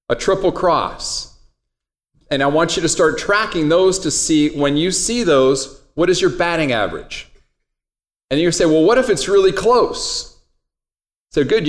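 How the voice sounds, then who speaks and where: Joking man teaching a class. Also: a little high. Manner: casual, joking, talks to students directly. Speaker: trading instructor. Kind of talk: classroom lecture.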